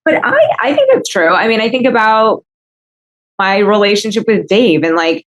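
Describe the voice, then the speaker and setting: A woman's voice: medium pitch, big pitch swings, normal speed, a bit bright, low-quality recording. A woman guest on a podcast, talking openly and casually as she tells personal stories. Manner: open, storytelling, casual. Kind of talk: candid podcast chat.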